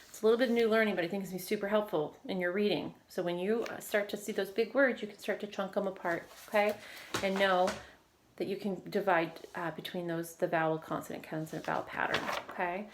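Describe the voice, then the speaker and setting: A woman teacher leading a recorded phonics lesson, giving steady step-by-step prompts and quick praise. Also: mid-range voice, noisy background. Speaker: reading teacher.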